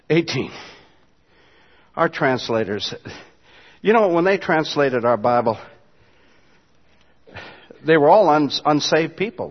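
A man preaching a sermon as pastor, dropping to quiet asides and rising to loud, emphatic passages. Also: medium pitch, big-room sound, dull audio.

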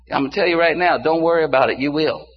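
A man's voice: on the high side, quick pace. Older man preaching, muffled sound. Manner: preaching to a congregation, swings from quiet to rising exclamations. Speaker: pastor. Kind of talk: sermon. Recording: dull muffled sound with faint hum.

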